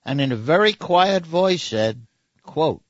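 A man's voice: fairly high pitch, very animated, moderate pace, husky, no room sound. A man co-hosting a comedy radio show, wisecracking, stammering on restarts and laughing. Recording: dull lo-fi radio recording with faint music.

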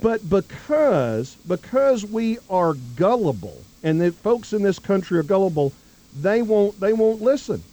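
A man, a guest on a political talk radio show, rambling with many restarts and trailing off low. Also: very animated, a little slow, mellow.

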